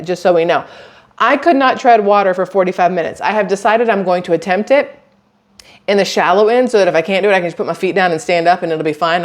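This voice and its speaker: A woman chatting casually and reading a news article aloud, adding sarcastic asides and stumbling over words. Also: lowish voice.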